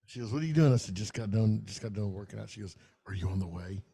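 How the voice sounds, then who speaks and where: A man's voice: on the low side, steady tone, quick pace, gravelly, warm tone, breathy edge. A middle-aged man, telling a long, profane, rambling story in casual podcast chat. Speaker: podcast co-host.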